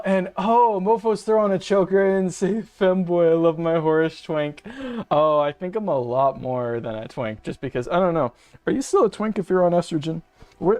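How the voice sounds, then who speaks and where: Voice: medium pitch, a little mellow. A young streamer, self-described femboy, ranting casually and profanely to viewers at a home setup. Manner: profane, rambling, venting. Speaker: streamer, host of the channel. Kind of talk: casual ranting livestream chat. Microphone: webcam and desk mic at home.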